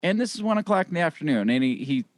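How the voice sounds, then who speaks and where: A man's voice: on the high side, sing-song, racing, dry recording. A man guesting on a podcast, joking and laughing through profane, casual banter.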